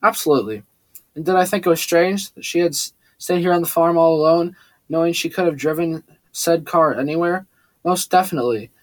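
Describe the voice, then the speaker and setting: A man reading a first-person story aloud, steady with occasional slips and restarts. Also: fairly high pitch, a little fast, no room sound. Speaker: audiobook narrator. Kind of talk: first-person audiobook narration.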